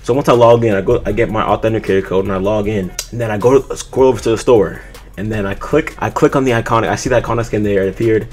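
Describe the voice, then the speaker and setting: A young man telling a story to camera in a casual storytime vlog, animated and swearing freely. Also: fairly low pitch, quick pace. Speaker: gaming YouTuber.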